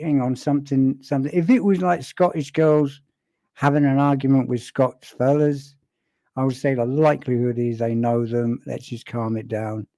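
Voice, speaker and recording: Male commentator, casual and wry, mellow tone, dry close sound. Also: mid-range voice, no echo. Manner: conversational, wry, with pauses and restarts. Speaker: commentator analysing a video clip.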